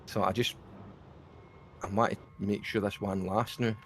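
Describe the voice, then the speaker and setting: A man's voice: on the low side, level tone, measured pace, slight background noise. Laughing, swearing Scottish man. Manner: swears freely, laughs a lot. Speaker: streamer. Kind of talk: casual gaming chat.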